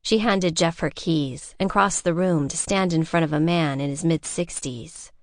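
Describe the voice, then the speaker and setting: A woman narrating a suspense audiobook in a measured, scripted style. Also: no room sound, studio quality. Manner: measured, voices characters with shifts in pitch.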